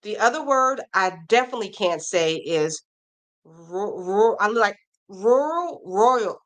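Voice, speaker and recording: A woman's voice: medium pitch, animated, unhurried, fairly bright tone. A woman hosting a casual crochet live stream, chatting with viewers, reading their comments aloud and reacting, and running through pattern blurbs in an upbeat tone.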